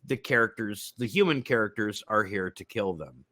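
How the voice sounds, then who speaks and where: Man, podcast co-host, casual, laughing, animated retelling. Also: lowish voice, moderate pace, no echo. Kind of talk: casual chat.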